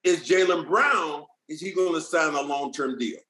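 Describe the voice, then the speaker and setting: A man with a high voice who hosts a podcast in a playful mood. He teases and needles his guest in loose, casual chat. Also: normal speed, sharp tone, poor audio. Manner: teasing, playful, provoking. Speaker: podcast host.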